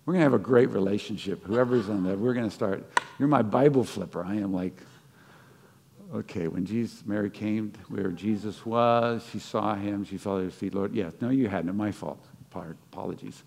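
A man's voice: on the low side, normal speed, vocal fry, darkish tone. A man preaching a sermon in a conversational way, stumbling over restarts, laughing at himself, then rising to fervent peaks. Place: church sanctuary. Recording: long hall reverb.

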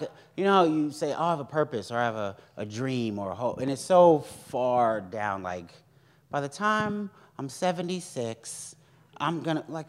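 A young man preaching a sermon in a lively, joking way, acting out the voices of others. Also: medium pitch.

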